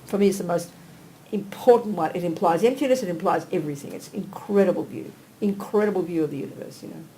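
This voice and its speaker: An older woman giving a Buddhist teaching in a blunt, emphatic, conversational way, swinging between quiet asides and animated bursts. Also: lowish voice, fast talker, a little hiss or hum, poor audio. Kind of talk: dharma teaching talk. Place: teaching hall.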